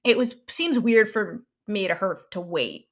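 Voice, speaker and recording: A woman's voice: mid-range voice, a little slow. A woman co-hosting a podcast, recapping a TV episode in casual chat, rambling with lots of "like"s and restarts. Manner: rambling, animated, many "like"s and restarts. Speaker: podcast co-host.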